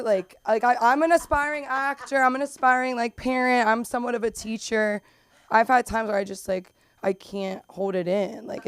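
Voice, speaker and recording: A young woman from Los Angeles with a Valley girl accent, doing open mic stand-up in a rambling, filler-heavy way that jumps into loud squeals. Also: medium pitch, clear, resonant tone. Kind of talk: stand-up comedy. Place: comedy club.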